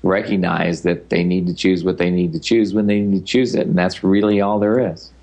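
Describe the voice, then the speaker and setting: An older man with a notably deep, low-pitched voice speaks in an easygoing, loose way. He rambles through his answers in a relaxed interview, with a teasing edge now and then. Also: brisk. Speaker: guest speaker and facilitator.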